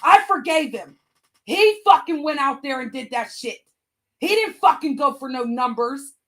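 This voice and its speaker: A woman's voice: sits high, animated, moderate pace, a bit bright. Angry woman ranting on her livestream, swearing a lot, heated chat. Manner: angry, profane venting rant. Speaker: livestream host.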